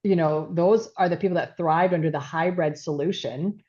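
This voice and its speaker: Chatty woman business coach, lowish voice, muffled lo-fi recording. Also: normal speed, a little mellow. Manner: chatty storyteller, many fillers and asides. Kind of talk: casual podcast chat. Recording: dull lo-fi sound.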